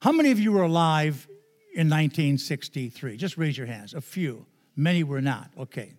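An older man stands before a church congregation as a guest preacher, his voice sitting a little on the high side. He talks in a chatty, good-humored way, telling stories and joking with the people in the pews before he moves into his sermon. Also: expressive, normal speed, darkish tone. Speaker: guest pastor. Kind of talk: sermon with storytelling. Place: church sanctuary.

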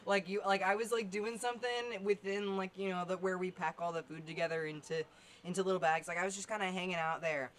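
A woman's voice: fairly low pitch, fairly even intonation, fast talker, a little hiss or hum. A young woman hosting a podcast, talking candidly in a casual chat, swearing and laughing often. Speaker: podcast host.

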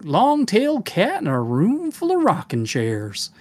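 Southern pirate captain, slow drawl, folksy sayings, for a tabletop game, voiced by a man. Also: high voice, huge pitch swings, slightly rough, pitched above the performer's own voice, exaggerated voice.

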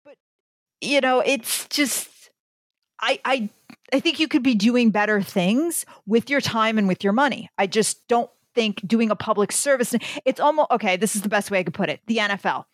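A woman's voice: on the high side, moderate pace, no room sound. A woman author ranting bluntly in a candid podcast chat, swearing freely. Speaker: guest, fantasy author.

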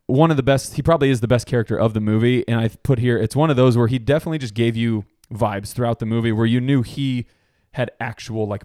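A man's voice: mid-range voice, no echo, studio quality. A man chatting casually about movies with friends, acting out lines from scenes and laughing as he goes. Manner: animated, acts out movie quotes with laughter.

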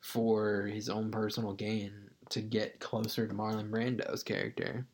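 Male podcast co-host, gravelly voice, casual and profane, lots of fillers. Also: fairly low pitch, little pitch movement, unhurried. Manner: loose and profane, trails off into fillers. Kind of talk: casual film discussion.

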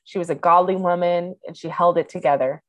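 A woman co-hosting a casual podcast, her voice on the lower side. The sound is dry and close, with no room around it. She chats easily and keeps up a steady stream of agreeing murmurs. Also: brisk, no room sound. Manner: warm agreeing, frequent "mm-hmm". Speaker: podcast co-host. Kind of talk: casual chat.

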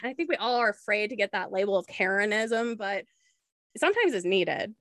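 A woman's voice: medium pitch, lively intonation, moderate pace, a bit bright, no room sound, studio quality. A young woman from Washington state hosting a casual chat, blunt and outspoken, laughing often. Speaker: podcast host.

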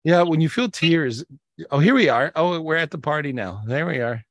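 This spiritual healer and show host runs a live video-call podcast, leading a healing before greeting people, all in a warm, effusive way full of repeated words. His fairly high voice has lively intonation at normal speed, and the recording is dry.

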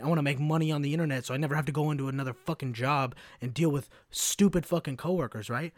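A man's voice: a little high, dry recording, studio quality. Profane, fired-up male podcast host. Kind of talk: casual solo rant.

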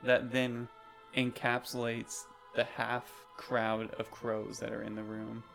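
A man's voice: mid-range voice, monotone, slow, vocal fry, a bit bright, faint music behind. A man narrating a tabletop role-playing game as game master, in a casual storytelling manner.

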